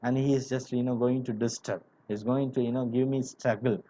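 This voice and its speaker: Male teacher, mellow and middle-pitched, talks a class through a story with lots of "you know", dull lo-fi recording. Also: fairly even intonation, brisk, slight background noise. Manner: explains word by word, many "you know" fillers. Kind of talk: classroom literature lesson.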